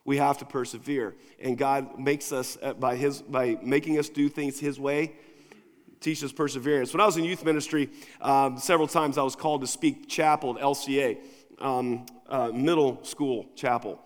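A male pastor preaching a sermon in a casual, conversational way, moving between quiet asides and emphatic points. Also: mid-range voice, steady tone, moderate pace. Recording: long reverb of a large hall.

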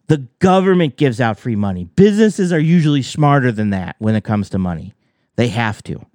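A man's voice: fairly high pitch, a little mellow, no echo, studio quality. A man giving heated commentary on trucking, arguing with rhetorical questions. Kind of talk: reaction commentary.

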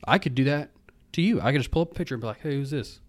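A man co-hosting a casual movie podcast, animated and acting out quotes as he talks. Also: medium pitch, very fast, dry recording. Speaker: podcast co-host. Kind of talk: casual chat.

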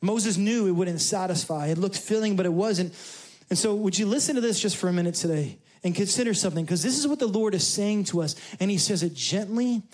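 A man's voice: high-pitched, brisk, a little mellow. A male pastor from New York preaching a sermon in a conversational, humorous way, with asides to the congregation. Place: church service.

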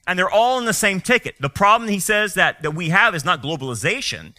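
A man's voice: high voice, expressive, a little fast, bright, forceful tone. A male pastor preaching a fiery sermon, full of rhetorical questions and sarcastic asides.

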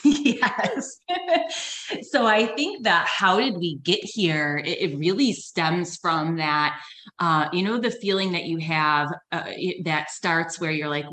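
A woman with a low voice talks through personal finance as a podcast guest. She is earnest and encouraging, and she often restarts phrases and uses fillers. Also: slow, fairly bright tone. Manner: conversational, frequent fillers and restarts. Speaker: financial advisor. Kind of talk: podcast interview.

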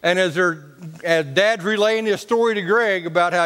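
This pastor's sermon is built on stories told with homespun humor and relaxed grammar, his words echoing through the lengthy reverb of a large sanctuary. He speaks at a normal speed with few pauses, in a clear, resonant voice that sits fairly high for a man and has a fairly bright tone.

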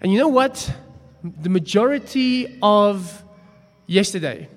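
Pastor preaching in a hall. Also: male voice, high-pitched, expressive, slow pace. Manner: storytelling, conversational, self-deprecating. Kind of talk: sermon. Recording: long hall reverb.

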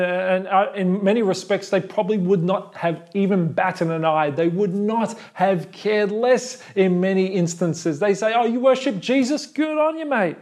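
A man's voice: sits high, a little mellow. A man preaching a sermon as pastor, earnest and building to fervent, emphatic lists.

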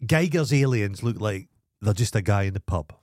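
A man's voice: on the low side, expressive, normal speed, a little mellow, dry recording, clean studio sound. A middle-aged man with a Scottish accent, co-hosting a podcast, telling stories bluntly and grumpily with lots of swearing. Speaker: podcast co-host. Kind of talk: casual chat.

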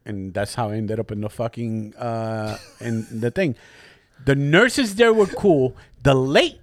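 A man's voice: medium pitch, measured pace, no echo, studio quality. A man hosting a podcast, telling a story casually with lots of swearing and acting out the people in it. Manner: profane, animated, acts out quoted voices. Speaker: podcast host.

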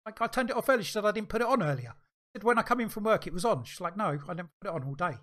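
A man's voice: high-pitched, very fast. Man telling a spooky story. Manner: animated storyteller, acts out quoted dialogue. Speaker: podcast co-host. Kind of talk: casual chat.

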